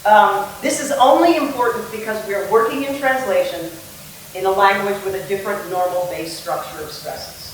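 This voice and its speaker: A woman's voice: mid-range voice, moderate pace, a little hiss or hum. Playful woman lecturing in an echoey room. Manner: playful, sings and acts out rhythms. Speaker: theatre director. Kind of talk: lecture on verse meter. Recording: echoey room, mic at a distance.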